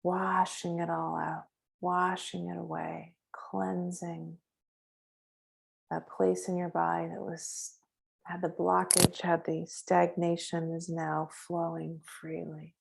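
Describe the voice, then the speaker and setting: A middle-aged woman guiding a meditation in a soft, slow, hushed voice, some words whispered. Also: lowish voice, completely flat delivery, vocal fry, husky. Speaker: meditation guide and author. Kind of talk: guided meditation, then casual chat.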